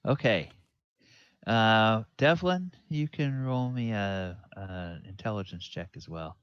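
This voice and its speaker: A low-voiced man narrates a tabletop game as dungeon master, pausing often with ums and restarting his sentences. He talks very slowly. The recording is dry and slightly muffled. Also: clear, resonant tone, dry recording. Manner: halting, full of ums and restarts. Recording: dull lo-fi dry sound.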